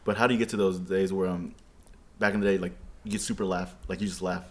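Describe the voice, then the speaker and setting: A man's voice: deep voice, little pitch movement, quick pace. A man in casual chat, asking curious questions and laughing along.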